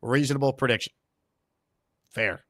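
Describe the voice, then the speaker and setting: A man's voice: medium pitch, normal speed, pushed and bright, dry recording. Dry-voiced male sports radio host. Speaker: sports talk show host. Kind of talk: casual call-in show chat.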